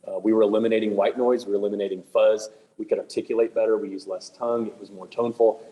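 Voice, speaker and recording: A man leading a clinic for music teachers, talking in a quick, chatty, joking way with lots of fillers and restarts. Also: on the low side, level tone, dark tone, poor audio. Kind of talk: casual clinic presentation. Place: room with attendees present, also on video call.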